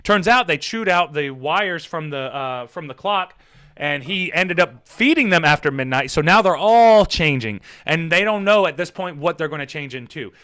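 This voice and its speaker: A man recapping a movie on a casual live stream, excitable and profane, often laughing as he retells scenes. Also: on the high side, moderate pace.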